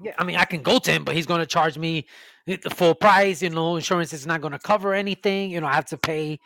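A man's voice: on the high side, fast, bright, forceful tone. A man, telling a long, profane, ranting story in a casual chat.

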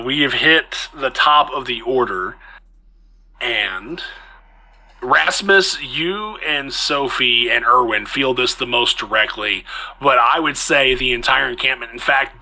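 Guy dm-ing a tabletop game, super bright voice, walks players thru the rules. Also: mid-range voice, slow pace, low-quality recording. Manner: explains rules, briefly voices characters. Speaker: game master.

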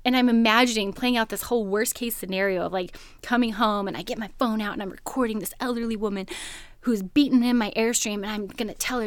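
A woman hosting a podcast, telling a personal story in a casual, animated way and laughing often. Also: fairly high pitch, fast, no echo.

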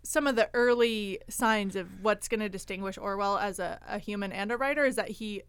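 A woman's voice: medium pitch, brisk, clean tone, no echo. A woman co-hosting a podcast, telling history in casual chat with frequent laughter. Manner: chatty, laughing often. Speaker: podcast co-host.

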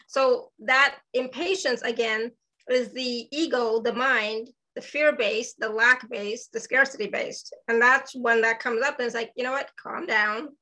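A slightly hoarse woman hosts an easygoing spiritual conversation. Her voice sits a bit high and sounds bright and forward, and her speech is full of "you know"s and good-humored asides. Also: fairly even intonation, a little slow, rough recording. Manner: enthusiastic, self-deprecating, many fillers. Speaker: host. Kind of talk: casual spiritual talk.

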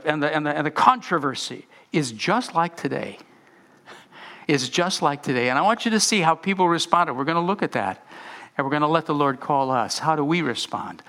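Male pastor, gravelly and bright, animated sermon delivery with restarts. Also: a little high. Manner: animated, many restarts and repeated words.

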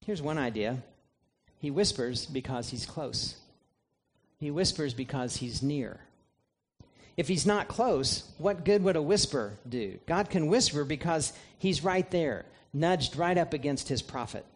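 A man, a pastor, preaching a sermon in an earnest, measured way, reading scripture aloud. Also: mid-range voice.

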